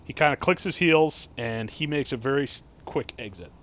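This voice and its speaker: A man's voice: mid-range voice, normal speed, fairly bright tone. A man narrating as game master of a tabletop game, in casual, rambling speech over an online voice chat. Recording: dull lo-fi recording.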